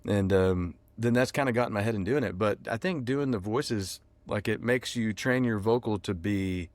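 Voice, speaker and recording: Laid-back guy, low voice. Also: moderate pace, no room sound. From Texas. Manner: laid-back, rambling, lots of fillers. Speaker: musician guest. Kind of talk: casual interview chat.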